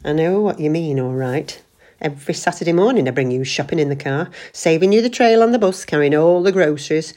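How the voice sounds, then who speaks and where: A woman's voice: low-pitched, animated, a little fast, mellow. A woman voicing an impatient, sulky, sarcastic middle-aged husband who grumbles at his wife.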